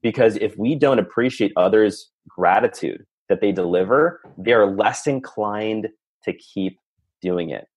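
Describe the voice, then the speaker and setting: An earnest man with a low, husky voice talks through a personal story as a podcast guest. He reflects as he goes, piling one thought onto the next. The sound is dry and close. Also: measured pace, no room sound. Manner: earnest, reflective, talks in long run-on stretches. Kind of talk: candid storytelling conversation.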